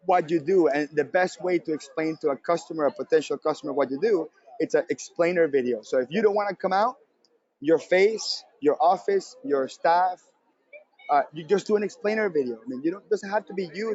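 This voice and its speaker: A man giving a live conference talk, energetic and repeating his points for emphasis. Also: fairly high pitch, no echo, highs cut off. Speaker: presenter at a conference session. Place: convention center session room.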